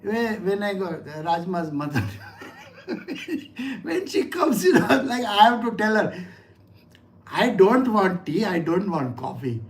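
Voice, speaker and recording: A middle-aged teacher explains scripture in an easy, conversational way. The voice sits at a medium pitch. The teacher keeps asking the listeners questions and tells stories from home. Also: sing-song, takes it slowly, pauses often. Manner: conversational, asks listeners rhetorical questions and tells personal anecdotes. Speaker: spiritual teacher. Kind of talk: scripture lecture.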